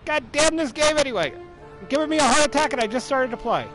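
A man streaming live gameplay, an excitable streamer who yelps and swears at the game. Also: extremely high pitch, fast talker. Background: loud game music and sound effects.

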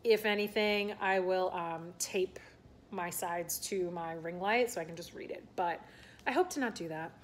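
A woman's voice: on the low side, moderate pace, slight background noise. Young woman rambling to her camera, chatty, lots of likes and ums. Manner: rambling, chatty, many fillers and restarts. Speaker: vlogger and aspiring content creator. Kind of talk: casual talking-head vlog.

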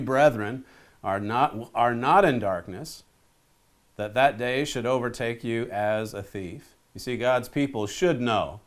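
An earnest male preacher delivering a Bible sermon, his voice sitting at an ordinary pitch. He reads verses aloud in a measured way, then presses his listeners with growing urgency. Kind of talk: sermon-style Bible teaching.

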